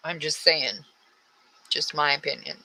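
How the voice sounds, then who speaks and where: Female true-crime host, casual commentary, very sharp and forceful tone, rambling and blunt. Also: low-pitched, unhurried, low-quality recording. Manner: rambling, blunt, frustrated asides.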